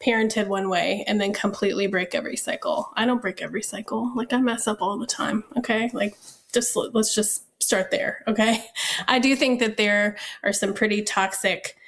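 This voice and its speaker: A woman's voice: mid-range voice, steady tone, moderate pace, a bit bright. A woman speaking frankly and emphatically as a guest on a casual podcast about parenting.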